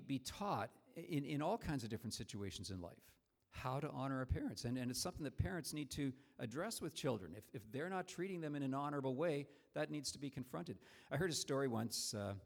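A man with a medium-pitched voice preaches a sermon in a conversational, storytelling style, frequently restarting his sentences.

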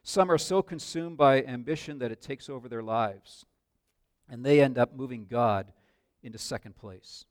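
An older man preaching a sermon as a pastor, earnest, with sudden swells and drops in loudness. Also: mid-range voice, normal speed, dry recording, studio quality.

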